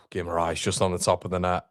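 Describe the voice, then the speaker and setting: A man with a fairly low voice hosts a live football watchalong, reading out viewers' messages between bursts of reaction. He repeats himself, trails off and swears, and his voice jumps higher when a chance comes. The sound is dry and close, with no room echo. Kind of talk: live match reaction commentary.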